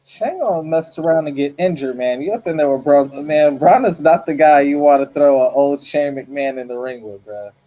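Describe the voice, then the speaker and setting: A man's voice: a little high, normal speed, hardly any pauses, dark tone, lo-fi sound. A man co-hosting a casual wrestling talk show in a laid-back, slangy way. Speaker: podcast co-host.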